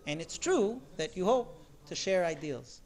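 Animated man preaching with emphasis. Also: high-pitched, unhurried. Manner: emphatic, with rhetorical questions and acted-out quotes. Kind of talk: sermon.

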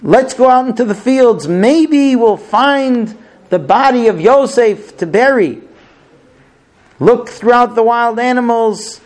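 A man's voice: very high-pitched, expressive, slow, a little mellow, pitched above the performer's own voice, heavily acted. A man playing a grief-stricken old father who laments and cries out in a storybook retelling. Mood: bitter, demanding. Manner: lamenting, crying out.

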